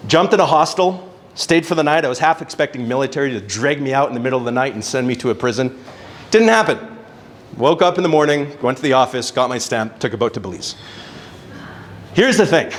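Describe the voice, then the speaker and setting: A young adult man telling a casual, animated story as a speaker at a networking event, swearing now and then. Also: fairly high pitch, brisk. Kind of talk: storytelling talk on stage. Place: event venue with live audience.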